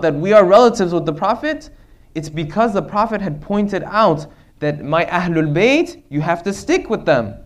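High-voiced man giving a religious lecture. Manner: earnest, with rhetorical questions.

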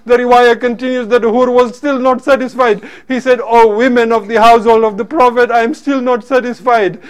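A man preaching a sermon in a very high, clear, resonant voice. His delivery is steady and even in pitch as he solemnly retells a story and weaves in Arabic phrases. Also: fairly quick.

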